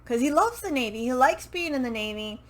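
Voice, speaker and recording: A woman's voice: high-pitched, animated, fairly quick, poor audio. A woman chatting casually to camera about a book series into a microphone, rambling with self-correcting asides and casual swearing. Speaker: book vlogger. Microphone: microphone she turns to face.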